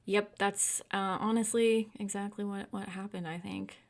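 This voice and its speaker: A young woman from California hosting a casual livestream book discussion, animated and quick to laugh and get worked up. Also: mid-range voice, creaky. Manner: animated, laughs often, gets heated and incredulous. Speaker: book club host.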